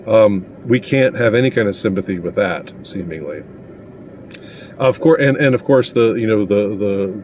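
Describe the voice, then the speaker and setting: A man giving a casual opinion monologue, indignant and sarcastic, pausing often as he talks. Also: on the low side, a little mellow, slight background noise. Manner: indignant and sarcastic, halting with many pauses. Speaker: commentator.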